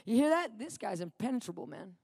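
A woman's voice: a little high, fairly quick, creaky, slightly rough, no echo, studio quality. A middle-aged woman preaching a sermon, telling a personal story and reading scripture with dramatic emphasis, often checking in with her listeners. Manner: animated, questioning the audience, dramatic scripture reading.

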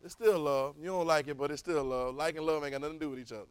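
A man preaching to a Bible class, fairly high in pitch. He calls for responses, repeats words and swings from hushed to loud. The sound is dry and close. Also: fairly even intonation, very fast, clean tone, dry recording, rough recording.

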